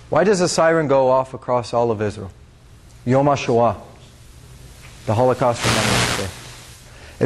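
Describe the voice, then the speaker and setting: A young man from the United States giving a public talk as a guest speaker. He tells a story in an earnest, conversational way, speaks straight to the audience and often fills pauses with "uh". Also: medium pitch, a little mellow. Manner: earnest, conversational, talks to the audience directly, with frequent fillers.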